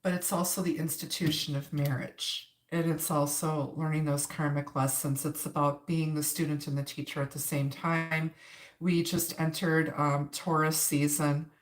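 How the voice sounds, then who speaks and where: Speaking at a moderate pace in a low, level voice, this tarot reader has an Upper Midwest accent and comes from Wisconsin, United States. Her chatty live-stream reading includes greetings to viewers and laughter between cards. There's a little hiss or hum and a roomy echo.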